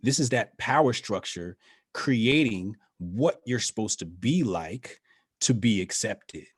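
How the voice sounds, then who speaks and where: An emphatic man hosting a conversation, who keeps checking in with tag questions. His voice is slightly low. The sound is dry and close to the mic. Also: animated, slow, breathy edge, no echo. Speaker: host. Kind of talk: casual conversation.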